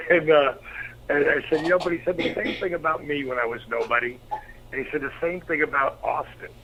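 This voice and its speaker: A middle-aged man, a former pro wrestler, telling profane, animated anecdotes as an interview guest. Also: fairly high pitch, fairly quick, slight background noise. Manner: profane, animated storyteller acting out quotes. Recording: slightly dull lo-fi recording.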